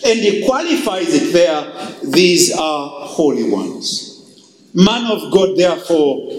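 A man's voice: fairly high pitch, very animated, slow, reverberant, a crowd in the background, low-quality recording. A male pastor preaching emphatically and reading scripture in a sermon.

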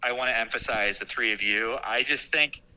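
A man in his thirties, a school administrator joining an interview over a remote call. He speaks earnestly and warmly about the students, often restarting his words. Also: medium pitch, fairly quick, clear, resonant tone, rough recording. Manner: earnest and heartfelt, repeats words as he starts over. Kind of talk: casual interview.

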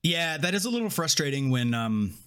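A man co-hosting a podcast, recapping and discussing a TV episode in relaxed, rambling chat full of fillers. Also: on the high side, a little fast, clear, resonant tone. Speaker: podcast co-host. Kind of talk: casual chat breaking down a TV episode.

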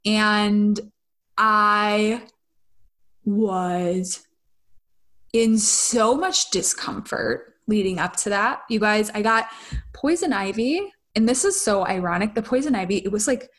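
A woman's voice: medium pitch, lively intonation, slow pace, a bit bright. Candid woman telling a personal story. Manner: confessional, swears freely, says "you guys" and "right?". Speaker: spiritual vlogger.

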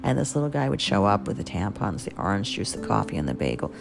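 A woman's voice: extremely low pitch, big pitch swings, fast, vocal fry, music in the background. A woman with a New York accent hosting her own podcast, telling rambling, self-deprecating stories in a chatty way. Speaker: podcast host and caterer. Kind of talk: casual storytelling monologue.

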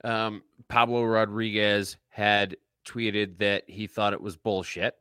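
A man's voice: on the low side, level tone, slow, bright, forceful tone, clean tone, no echo. A man co-hosting a podcast, ranting casually about politics with lots of filler words. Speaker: podcast co-host.

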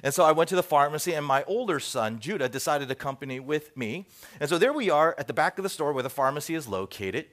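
Middle-aged male pastor, lively sermon delivery, mid-high voice with wide pitch swings, quiet asides. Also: quick pace. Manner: animated storytelling, acts out dialogue, drops to soft asides.

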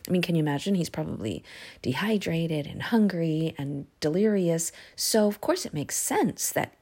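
A woman teaching a casual Bible lesson, retelling the stories in a lively way with many fillers. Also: sits low, normal speed, breathy edge.

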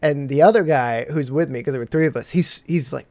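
A man telling a story on a podcast, animated and profane, laughing often as he talks. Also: mid-range voice, a little fast. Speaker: podcast host. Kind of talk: casual storytelling.

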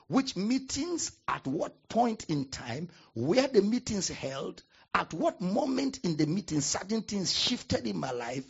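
A man preaching a sermon as pastor, with dramatic pauses and emphatic repetition. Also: sits high, creaky, slightly rough, highs cut off.

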